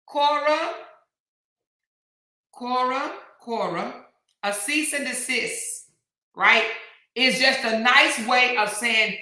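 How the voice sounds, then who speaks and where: An American woman hosts a casual commentary vlog, recorded in an echoey room, speaking in a high, sharp voice that goes slowly and pauses often. Sassy and emphatic, she addresses the people she talks about directly.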